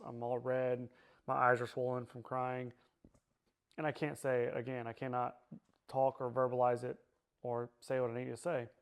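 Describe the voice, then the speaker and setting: A man giving a personal testimony in a halting way, repeating himself and often pausing with fillers. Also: medium pitch, clear, resonant tone. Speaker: survivor sharing his personal story.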